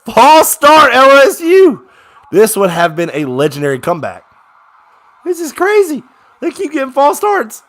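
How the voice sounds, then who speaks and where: Excitable fan calling a game live. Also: male voice, extremely high pitch, measured pace. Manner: excitable, swings from grumbling to shouting with plays. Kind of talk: casual live game reaction commentary.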